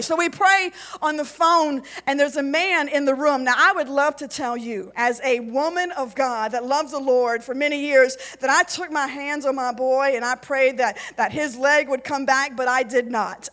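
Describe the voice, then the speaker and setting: A woman's voice: sits high, bright, forceful tone. A woman pastor telling a personal testimony in a chatty, rambling way, full of "like" and "and so". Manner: chatty, rambling, many "like" and "and so" fillers. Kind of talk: storytelling testimony.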